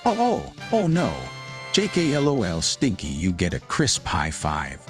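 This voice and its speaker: A man's voice: sits low, huge pitch swings, measured pace, full character voice. A man voicing a goofy, hyped quiz announcer who jumps between silly voices. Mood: goofy hype. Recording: music playing behind.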